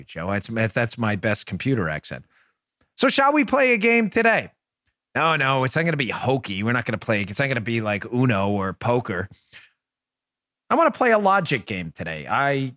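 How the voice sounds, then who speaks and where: A man's voice: mid-range voice, a bit bright, no room sound. A man hosting a political talk show, delivering an emphatic, sarcastic monologue into a close studio mic. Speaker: host.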